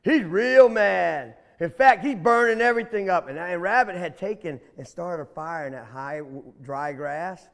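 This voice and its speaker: A man telling a folk tale aloud in an animated, folksy way, talking straight to his listeners. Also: high-pitched, moderate pace, vocal fry, few pauses. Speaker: storyteller. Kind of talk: oral folk storytelling. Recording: long hall reverb.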